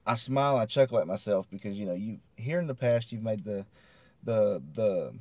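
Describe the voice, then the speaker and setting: A man's voice: on the low side, expressive, moderate pace, darkish tone, dry recording. A man co-hosting a podcast, agreeable and laid-back, chuckling as he chats. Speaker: podcast co-host. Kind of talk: casual wrestling review chat.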